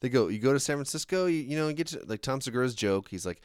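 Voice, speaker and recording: A man's voice: medium pitch, quick pace, few pauses, clear, resonant tone, dry recording, clean studio sound. A man hosting a podcast, chatting casually and repeating words as he thinks aloud. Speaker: podcast host. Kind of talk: casual chat.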